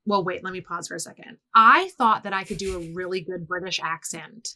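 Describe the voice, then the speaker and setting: A woman from Canada tells a funny story in relaxed chat. Her voice is bright and forward. She keeps breaking into quoted voices and gets loud on the punchlines. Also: fairly low pitch, a little fast, low-quality recording. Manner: animated, jumps into quoted voices. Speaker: guest storyteller. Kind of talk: casual comedic storytelling.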